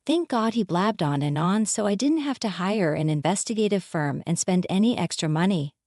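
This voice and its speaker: A woman narrating a scripted first-person story in a steady, matter-of-fact reading voice. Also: medium pitch, normal speed, no room sound, studio quality.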